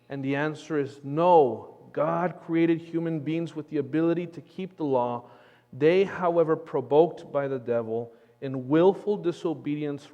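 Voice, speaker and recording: A man's voice: a little high, darkish tone. A man from Texas preaching a sermon as pastor, earnest and emphatic. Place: church sanctuary. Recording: long church hall reverb.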